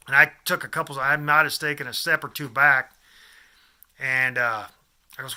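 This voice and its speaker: A man's voice: medium pitch, a little fast, pushed and bright. A man in his fifties from the American Midwest, telling a rambling personal story to camera with many restarts and asides. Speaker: vlogger.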